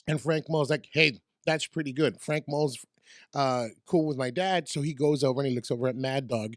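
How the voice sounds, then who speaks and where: A man in his forties telling stories in a casual podcast interview, animated and acting out quotes in different voices. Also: mid-range voice, normal speed, dry recording, studio quality. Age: 40s. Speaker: radio DJ guest. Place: podcast studio.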